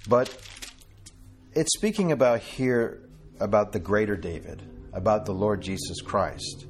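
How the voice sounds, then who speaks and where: A man's voice: on the low side, measured pace, slight background noise. A man preaching an informal sermon to a small group, talking conversationally, addressing listeners by name and reading scripture in old-fashioned wording.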